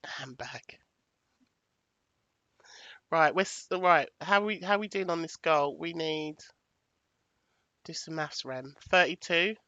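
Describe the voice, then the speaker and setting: A woman hosts a livestream in an easy, unhurried way, talking through her slides as she goes. Her voice is bright and forward. The sound is dry and close, with no room echo. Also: deep voice, highs cut off. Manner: chatty, thanks viewers, thinks aloud while picking graphics. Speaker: livestream host. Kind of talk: casual livestream commentary.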